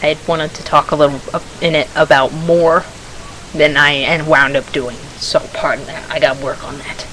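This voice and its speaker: Low-voiced chatty woman vlogging. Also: fairly even intonation, normal speed, fairly bright tone, a little hiss or hum, rough recording. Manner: rambling, self-correcting, chatty. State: slightly froggy throat. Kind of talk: casual chat to camera.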